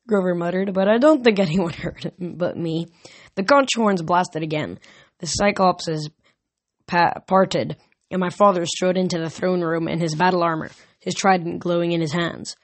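A man's voice: sits high, moderate pace, dry recording. A man reading a novel aloud casually, with small slips and restarts. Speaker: audiobook reader. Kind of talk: amateur audiobook reading.

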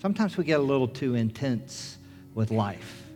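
Pastor preaching in an echoing church. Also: male voice, medium pitch, moderate pace. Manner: earnest, storytelling, builds to loud excitement. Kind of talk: sermon. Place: church sanctuary. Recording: reverberant church with music.

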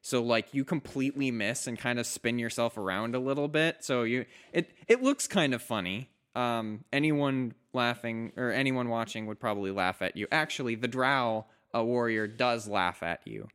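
A man's voice: medium pitch, normal speed, hardly any pauses, a bit bright, clean tone. A man narrating as game master of a tabletop game, hesitant and full of fillers. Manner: hesitant, many fillers and restarts.

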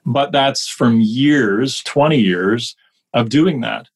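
A man coaching mortgage brokers in a casual podcast conversation, energetic and quick to rattle off lists of examples. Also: medium pitch, husky.

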